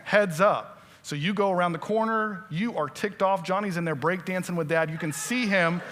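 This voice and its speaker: A man's voice: high voice, a little fast, fairly bright tone. A male pastor preaching a sermon in a conversational way, often quizzing his listeners with questions. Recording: long church-hall reverb.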